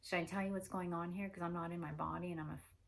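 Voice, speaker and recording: A woman's voice: fairly low pitch, steady tone, very fast, vocal fry. A woman talking alone in a rambling monologue, stringing run-on questions together with heavy swearing.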